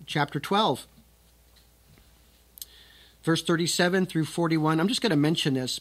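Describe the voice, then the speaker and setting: A man's voice: mid-range voice, vocal fry, breathy edge. A man teaching scripture, reading the verses aloud with strong emphasis and then explaining them in a conversational way. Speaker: Bible teacher.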